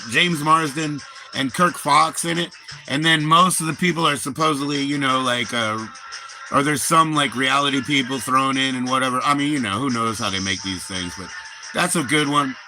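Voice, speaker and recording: A man hosting a livestream, chatting casually in a rambling, profane, laid-back way. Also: a little high. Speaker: livestream host.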